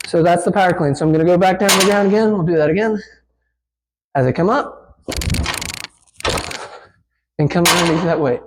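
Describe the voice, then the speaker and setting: A man with a fairly high voice talks through a barbell lift as he does it. He is a physical therapist giving a casual instructional demo in a gym, slightly breathless from the effort, with plenty of "um"s along the way. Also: brisk, long pauses, background noise. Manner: casual, explains while lifting, many fillers. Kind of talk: instructional demonstration.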